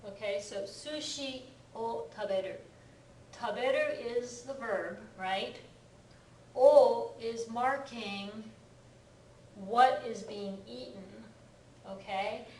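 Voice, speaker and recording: Higher-voiced woman teacher in an echoey classroom. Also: slow, darkish tone, distant mic, a little hiss or hum. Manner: patient, checks understanding with frequent "right?" and "okay?". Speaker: Japanese language teacher. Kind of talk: classroom grammar lesson.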